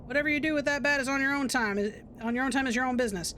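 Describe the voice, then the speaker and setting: A bossy, stuffy baseball coach who blusters and barks orders, as a woman puts him on. The voice stays fairly high, and he talks with a pompous snap. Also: racing, bright, forceful tone, a little hiss or hum.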